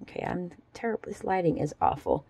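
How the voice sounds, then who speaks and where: Soft-toned woman chatting about crafts. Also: lowish voice, fairly quick, slight background noise. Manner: chatty, relaxed, fond little asides. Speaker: jewelry-making vlogger. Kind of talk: casual show-and-tell.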